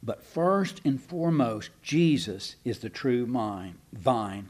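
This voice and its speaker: Slow, emphatic male preacher. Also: mid-range voice, expressive, a little mellow, breathy edge. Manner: slow, emphatic, with rhetorical questions. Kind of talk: sermon.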